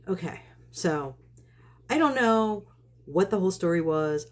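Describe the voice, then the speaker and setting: A woman talks to her camera in a loose, rambling way, chuckling as she goes. Her voice sits low and has a husky edge to it. She sounds like she has just come in from outside after feeding the cats. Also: expressive, a little slow. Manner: chatty, rambling, laughs often. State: just back in from outdoors. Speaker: vlogger feeding neighborhood cats. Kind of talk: casual chat to camera.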